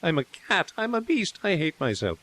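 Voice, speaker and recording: A man reading a quick-tempered young woman artist who taunts sharply and then turns tearful. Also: fairly low pitch, big pitch swings. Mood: sobbing. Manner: teasing, then tearful self-reproach.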